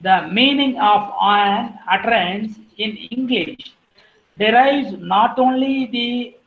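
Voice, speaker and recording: Woman lecturer going slow through terms, echoey room, kinda dull lo-fi sound. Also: on the high side. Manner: deliberate, lists terms one by one, clears throat now and then. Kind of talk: academic lecture on phonetics.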